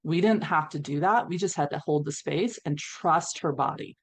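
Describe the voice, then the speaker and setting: A woman's voice: sits low, normal speed, husky. A woman on a panel telling a long healing story, acting out what people said and laughing now and then. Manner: animated storyteller, acts out quotes, laughs between lines. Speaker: panelist, equine-assisted healer.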